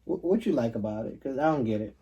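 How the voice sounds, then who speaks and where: A man hosting a casual chat, asking questions, trailing off while he searches for words and laughing loudly. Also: medium pitch, lively intonation, fast, slightly rough, dull audio. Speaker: host. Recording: distant mic with faint noise.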